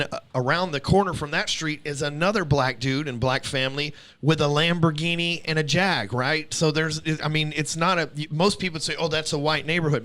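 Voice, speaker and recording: A man's voice: on the high side, fairly bright tone, smooth. Profane, storytelling podcast host, a man. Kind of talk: casual podcast chat.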